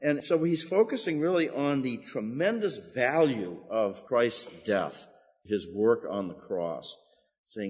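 A man's voice: mid-range voice, lively intonation, slow, a little mellow. A man teaching a church study group as its pastor, earnest and emphatic, asking questions and answering them himself. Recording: echoey hall, dull lo-fi sound.

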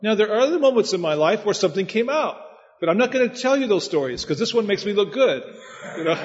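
A man preaching as a pastor, folksy and anecdotal, with chuckling asides. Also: sits high. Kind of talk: preaching talk. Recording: muffled sound with long hall reverb.

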